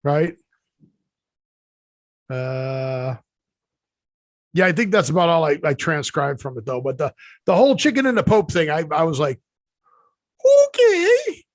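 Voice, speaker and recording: A man with a fairly high voice tells a long, meandering anecdote and stops often to restart his sentences. His speech carries the easy looseness of casual podcast chat, recorded close and dry with no room sound. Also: animated, normal speed, pauses often, no room sound. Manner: rambling storyteller, many fillers and restarts. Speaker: podcast co-host.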